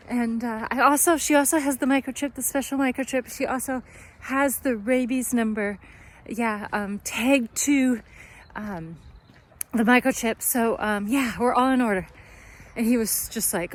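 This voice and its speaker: A woman's voice: fairly high pitch, takes it slowly, long pauses, slight background noise. A woman from the United States telling a travel story to camera in a chatty way, laughing often and full of fillers. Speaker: vlogger.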